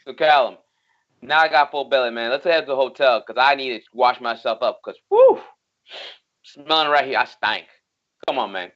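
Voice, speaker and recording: A man plays his character in a tabletop game in a laid-back, slangy way, in a middle pitch. The audio is dull and lo-fi. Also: a little fast, a bit bright. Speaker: player. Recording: dull lo-fi sound.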